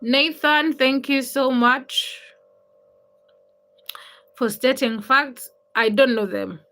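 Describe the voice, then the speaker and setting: Young Ugandan woman, livestream host, bright tone, higher voice, chatty with the chat. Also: fairly even intonation, takes it slowly. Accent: Ugandan English. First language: a Ugandan language. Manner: greets viewers by name one after another, chatty. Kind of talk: casual livestream chat reading comments.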